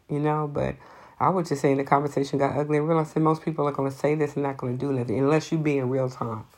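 A woman speaks in a low register with a husky edge, delivering an unscripted monologue of blunt advice. Her talk is emphatic and laced with profanity, hammering each point home. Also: darkish tone.

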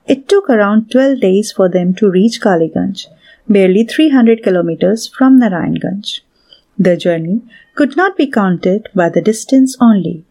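A woman narrating a scripted story in a measured, steady reading. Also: mid-range voice.

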